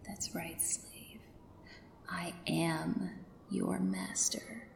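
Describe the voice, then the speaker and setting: Woman in slow whispered role-play, roomy. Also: lowish voice, little pitch movement, vocal fry. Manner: slow, commanding and soothing, drifting between soft voice and whisper. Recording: roomy echo, faint background hiss.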